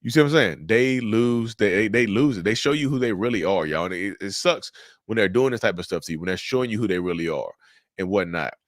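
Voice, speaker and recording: A man giving casual, animated commentary to his viewers, repeating his points and calling them y'all. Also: lowish voice, brisk, no room sound, clean studio sound. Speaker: mental health commentator.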